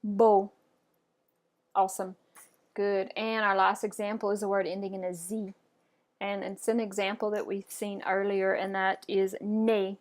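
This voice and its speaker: A woman gives a French pronunciation lesson, modeling words clearly and waiting for listeners to repeat them. Her voice sits at an ordinary middle pitch. She sounds patient and upbeat and praises each attempt. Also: flat delivery, moderate pace. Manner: patient, encouraging, with frequent "okay?" and "all right". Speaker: French teacher.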